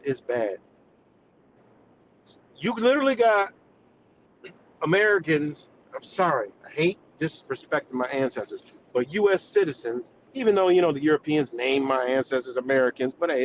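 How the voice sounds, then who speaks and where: A man's voice: mid-range voice, lively intonation, normal speed, slight background noise, rough recording. A man hosting a livestream, delivering a heated, profanity-filled rant in streetwise slang. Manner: heated, swearing, streetwise slang, laughs between points. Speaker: livestream host.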